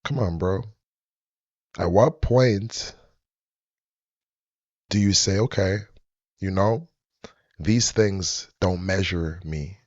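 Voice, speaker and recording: A low-pitched man talks through his reaction to a clip in a slow, preachy, measured way. The sound is dry and close, with a slightly dull, muffled tone. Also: a little mellow, dry recording. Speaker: commentary host reacting to a clip. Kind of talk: casual reaction commentary.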